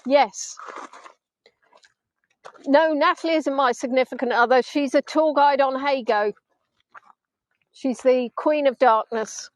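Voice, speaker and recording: A middle-aged woman from Hampshire with a southern English accent, chatting warmly with viewers while leading a live virtual tour outdoors on a beach. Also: high voice, slow pace, pauses often, low-quality recording. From England (Hampshire). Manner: chatty, affectionate, answering viewers' comments.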